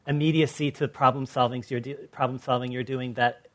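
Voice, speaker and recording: An American man from Los Angeles, an artist on a panel discussion, telling stories in an animated way and acting out the people he quotes. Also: medium pitch, brisk. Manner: animated storyteller who acts out quoted people.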